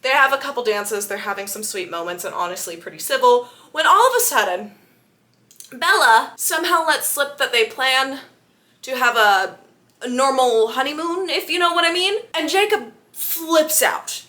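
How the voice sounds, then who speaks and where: Sarcastic, bright-voiced woman book vlogger. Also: high-pitched, moderate pace. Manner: sarcastic, animated retelling. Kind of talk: casual book recap vlog.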